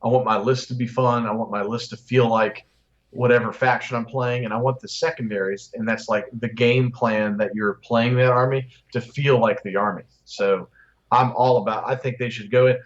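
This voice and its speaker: A man's voice: medium pitch, steady tone, moderate pace, muffled recording. Easygoing man chatting on a podcast. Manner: easygoing, opinionated, talks in loose run-on thoughts. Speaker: podcast co-host. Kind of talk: casual chat.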